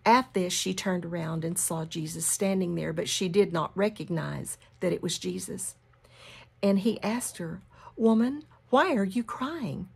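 A woman leading a Bible study, reading scripture and teaching. She drops into a hushed whisper for emphasis and repeats key phrases. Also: fairly low pitch, fairly even intonation, measured pace, gravelly, slightly rough.

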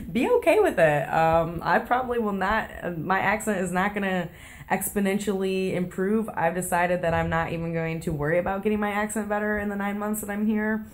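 A woman's voice: medium pitch, a little fast. An American woman talking casually in a confessional travel vlog from her apartment kitchen, chatty and self-deprecating, with lots of fillers and restarts. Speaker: travel vlogger.

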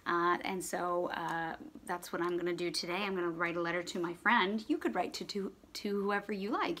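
Woman, primary teacher, bright voice, sounding out letters slowly, children's lesson at home. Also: mid-range voice, fairly even intonation.

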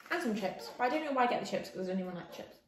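A woman's voice: mid-range voice, animated, very fast, background noise. A young woman chatting casually while she eats, bubbly and talkative, her mouth often full. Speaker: co-host. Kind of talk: casual chat while eating. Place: indoor room, seated at a table. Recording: echoey room.

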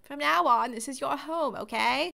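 A woman voicing a kind, frail old grandmother in a game, with a soft motherly manner. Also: high-pitched, moderate pace, creaky, voice pushed up, heavily acted. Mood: soft sad. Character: kind frail old granny, gentle and doting. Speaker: game voice reader.

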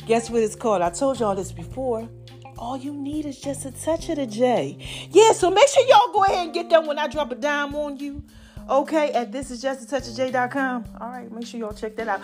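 Lively woman podcast host, "baby" and "y'all". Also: sits high, faint music behind. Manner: animated, drawn-out preacher-like delivery with "baby" and "y'all". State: voice a little strained from allergies. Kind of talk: solo podcast talk.

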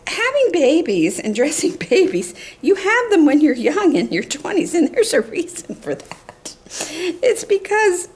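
A woman's voice: extremely high pitch, big pitch swings, unhurried, a little mellow. An older woman chatting casually to the camera, rambling and doting, often dropping to a whisper. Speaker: reborn doll collector vlogger.

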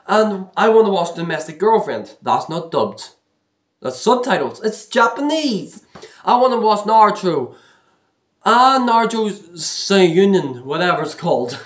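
A man with a fairly high voice rants to the camera, exasperated and complaining. He rambles, circles back and repeats himself, taking his time over the words. The sound bounces around an echoey room. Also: a bit bright. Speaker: vlogger. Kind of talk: casual rant to camera.

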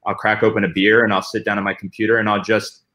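A man with a fairly low voice talks as a guest pitmaster in an easygoing panel chat. He explains at an unhurried pace and leans on frequent ums and uhs. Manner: relaxed, explanatory, with frequent fillers. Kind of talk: casual panel discussion.

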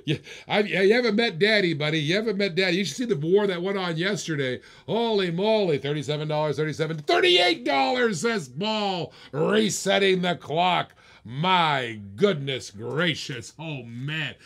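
A man's voice: high-pitched, animated, a little slow, gravelly, fairly bright tone. A man hosting a live-stream auction, calling bids with playful, teasing, hyped-up patter. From Australia.

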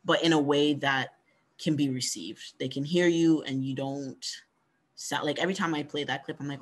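A man giving a conversational workshop talk on pitching, coaching and encouraging, often ending points with "right?". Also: fairly even intonation, normal speed, a bit bright. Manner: conversational, frequent "right?" tag questions. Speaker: workshop presenter.

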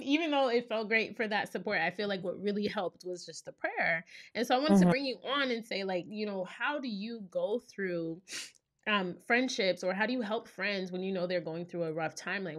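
Young woman host from New York, chatty storyteller, peppers her talk with "like" and "right?". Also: mid-range voice. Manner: animated storyteller, frequent "like" and "right?". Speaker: podcast host. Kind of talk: casual chat.

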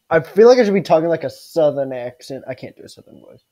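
A man's voice: a little high, lively intonation, fast talker, dark tone, muffled recording. A man doing playful let's play commentary, reading game dialogue aloud in a hammy voice. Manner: playful, reads lines in a hammy voice. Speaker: gaming YouTuber.

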